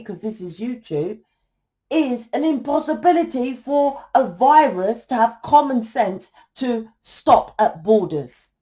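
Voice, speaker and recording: A woman's voice: on the high side, mellow, rough recording. A woman with a slightly raised voice, holding forth in a blunt, heated rant. She swears freely and keeps throwing rhetorical questions at her listeners, like a tarot reader lecturing her audience. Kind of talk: ranting monologue to camera.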